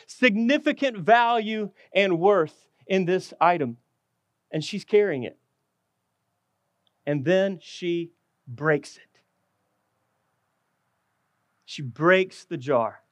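A preacher, a man whose voice sits high for his sex, delivers a sermon with fervor. He often sinks low and slows right down to stress a point. The sound is dry and close, with no room echo. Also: animated. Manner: passionate preaching, dropping low and slow for emphasis. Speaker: pastor.

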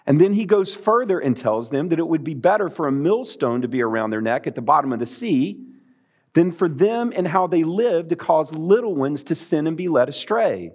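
Male pastor, sermon delivery, lively swooping pitch, fairly high voice, emphatic. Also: normal speed. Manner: emphatic, rising and falling for emphasis.

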